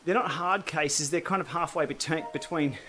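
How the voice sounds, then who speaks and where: A man's voice: a little high, moderate pace, pushed and bright, slight background noise. Chatty Australian man riding and talking. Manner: chatty, reads out and answers viewer comments while riding. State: talking while pedaling on an indoor trainer. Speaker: cycling channel host. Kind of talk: casual livestream chat.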